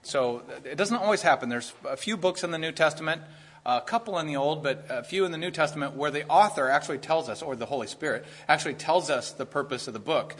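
A man's voice: fairly high pitch, lively intonation, fast, fairly bright tone. A man preaching a sermon in an earnest, conversational way, rising to emphatic points. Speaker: pastor.

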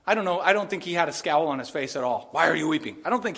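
A man preaching a sermon as pastor, earnest and conversational, with asides and soft chuckles. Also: on the high side, animated, very fast, hardly any pauses.

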